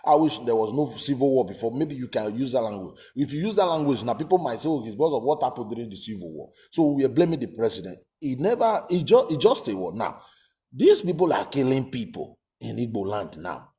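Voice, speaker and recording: Emphatic man, mellow voice. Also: mid-range voice, very animated, fairly quick. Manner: emphatic, repetitive, rhetorical questions. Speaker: commentator. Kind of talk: casual political commentary.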